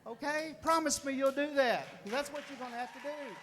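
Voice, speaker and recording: Man, motivational speaker, folksy and fired-up, high voice, reverberant meeting hall. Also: a little fast, background noise. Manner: fired-up, folksy, repeats phrases for emphasis. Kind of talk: motivational speech. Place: meeting room with an audience.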